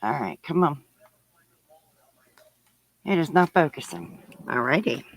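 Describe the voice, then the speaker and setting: A woman's voice: low voice, lively intonation, slow, gravelly, no echo, low-quality recording. A woman hosting her crafting channel, chatting casually to viewers as she opens their parcels, gushing and giggling often. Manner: thinks aloud while unwrapping. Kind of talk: casual unboxing chat to viewers.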